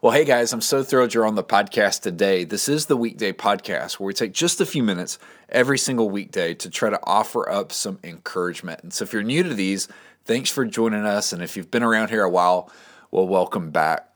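Male pastor, slightly deep, friendly upbeat devotional delivery. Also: fairly quick. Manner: upbeat, encouraging, conversational. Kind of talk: short devotional podcast message.

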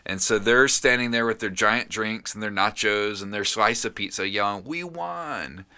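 A man's voice: lowish voice, normal speed, clear, resonant tone. Earnest man preaching a devotional. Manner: earnest, encouraging, animated storytelling. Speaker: pastor and podcast host. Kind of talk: devotional sermon.

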